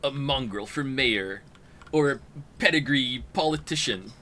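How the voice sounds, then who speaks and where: A man voicing a nasal, nerdy male announcer who makes a mock-serious, grandiose campaign pitch. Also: a little slow, bright, forceful tone, a little hiss or hum. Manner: mock-dramatic, grandiose delivery. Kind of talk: gaming stream voice impression.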